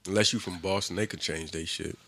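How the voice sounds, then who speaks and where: A man's voice: deep voice, steady tone, fast talker, pushed and bright. A man from Indiana co-hosting a casual podcast chat, laid-back and joking, swearing freely. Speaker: podcast co-host.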